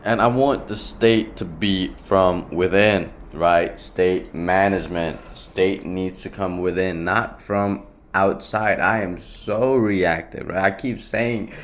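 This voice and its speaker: A man's voice: low-pitched, slow pace. A young man talking on his own in a casual podcast monologue, rambling, correcting himself and swearing freely. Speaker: podcast host.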